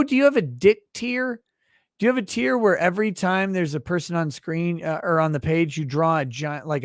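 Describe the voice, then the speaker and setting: A man's voice: a little high, no echo, clean studio sound. A middle-aged man hosting a casual late-night livestream, reading viewer messages aloud with loose, profane joking.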